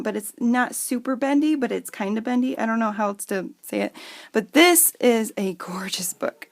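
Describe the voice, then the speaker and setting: A woman with a slightly high voice and some vocal fry chats casually at home, gushing over the handmade journals she sells. She shows off her craft pieces in a show-and-tell vlog, calling her viewers "you guys."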